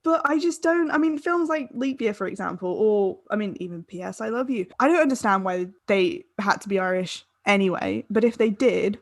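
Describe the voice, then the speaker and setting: A woman's voice: mid-range voice, animated, a little fast, hardly any pauses, no echo, studio quality. A young woman co-hosting a casual chat podcast, rambling and laughing partway through her sentences. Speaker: podcast co-host.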